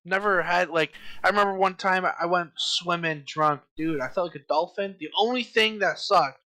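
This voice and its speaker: A young man co-hosting a casual podcast chat, telling stories in an animated way and acting out his own panicked quotes. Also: high voice, moderate pace. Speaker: podcast co-host.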